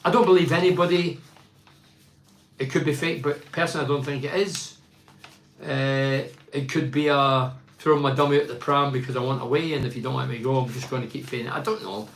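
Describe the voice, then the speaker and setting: A middle-aged man hosting a football podcast, giving forceful opinions and reading out listener comments, repeating himself for emphasis. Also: medium pitch, steady tone, fairly quick, roomy sound. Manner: emphatic and rhetorical, piles up repeated phrases.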